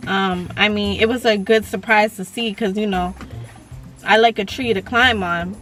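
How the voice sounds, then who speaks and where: Bright-voiced young woman telling a story. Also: mid-range voice, moderate pace, soft background music. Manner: animated, profane, slangy. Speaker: vlogger. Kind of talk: casual storytime.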